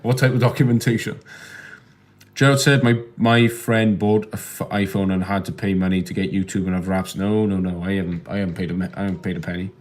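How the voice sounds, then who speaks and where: A man talks into his phone on a casual live stream at home. His voice sits a bit low. He rambles, stumbles and repeats words as he answers his chat. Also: steady tone, fast, hardly any pauses. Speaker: livestream host reading chat.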